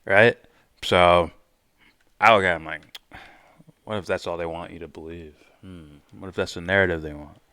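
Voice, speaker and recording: A man's voice: low voice, steady tone, normal speed, pauses often, smooth, no echo. A man hosting a live stream, casually reacting and reading viewer comments aloud with loose, profane asides. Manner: loose, profane, thinking out loud.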